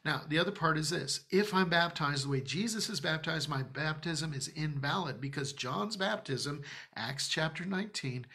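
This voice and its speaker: A man's voice: fairly high pitch, moderate pace, pushed and bright. A man preaching in a church, teaching from the Bible in a conversational, emphatic way with joking asides. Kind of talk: Bible-study sermon.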